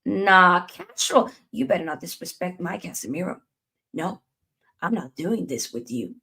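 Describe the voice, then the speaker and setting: A woman's voice: fairly low pitch, measured pace, gravelly. Chatty woman hosting a football stream. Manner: animated, chatty, with playful put-on voices. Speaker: football channel host reading live chat. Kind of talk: casual live-stream chat.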